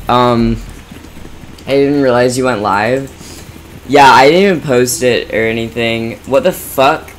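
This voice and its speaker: A young man streaming a video game, reacting with excited exclamations and swearing in casual chatter. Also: mid-range voice, unhurried, slight background noise.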